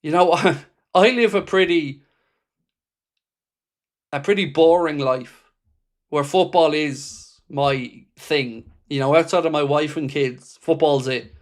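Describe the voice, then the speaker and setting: A man's voice: a little high, takes it slowly, pauses often. Impassioned man hosting a fan livestream. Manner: impassioned, blunt, swears freely; reads viewer comments aloud and answers them. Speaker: football fan channel host. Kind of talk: livestream reaction chat.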